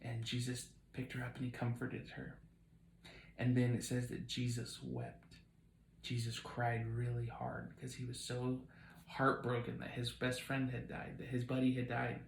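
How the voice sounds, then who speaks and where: A man with a middle-pitched voice tells a small child a Bible story in a casual, playful way. He keeps things warm and encouraging, like a parent at bedtime. The bedroom has noticeable echo. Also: completely flat delivery, moderate pace, vocal fry, slight background noise. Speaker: parent hosting a home video with his child. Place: child's bed at home.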